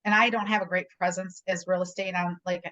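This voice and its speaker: A woman's voice: fairly low pitch, little pitch movement, fairly quick, a bit bright, lo-fi sound. A middle-aged woman, a guest realtor, chatting casually on a video call and telling stories, often checking in with "right?". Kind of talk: casual conversation.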